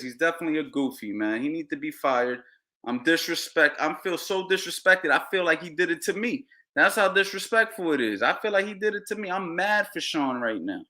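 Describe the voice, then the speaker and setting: A man's voice: on the high side, normal speed. A man hosting a boxing podcast, ranting heatedly and repeating himself. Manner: animated, ranting, repeats phrases. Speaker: podcast host.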